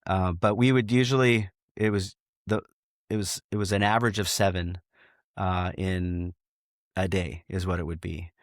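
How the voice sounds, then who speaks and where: Frank low-voiced retired trooper. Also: male voice, fairly even intonation, normal speed, no room sound, studio quality. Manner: frank, many restarts, quotes dialogue. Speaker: retired state trooper, guest. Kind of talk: storytelling in a podcast interview.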